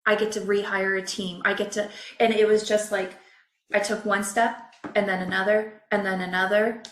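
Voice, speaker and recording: A woman coach, a podcast guest, telling a personal story in a candid, emotional, expressive way. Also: mid-range voice, moderate pace, reverberant.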